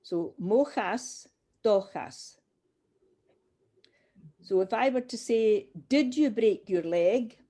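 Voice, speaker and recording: A woman leads a language class at an unhurried pace. Her voice is mellow and soft-edged. She patiently drills each sound and calls on her learners one by one. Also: medium pitch, expressive. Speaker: language teacher. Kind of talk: online group language class.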